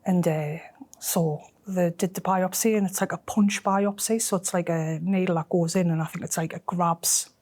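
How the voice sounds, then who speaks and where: Woman, middle-aged, lowish voice, telling her story all halting and hushed, near whispering. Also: steady tone. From North East England. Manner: emotional, halting, often drops to a near whisper. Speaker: interviewee. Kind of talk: personal storytelling.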